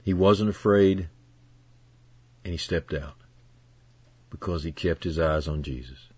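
A man preaching a sermon as pastor, earnest and fervent, moving from hushed passages to loud, emphatic ones. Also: deep voice, a little slow, slightly rough, dry recording.

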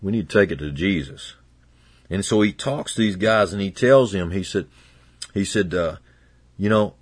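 A man preaching a sermon in a folksy, conversational way, swinging between loud and hushed. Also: lowish voice, lively intonation, moderate pace, pauses often, husky, no room sound.

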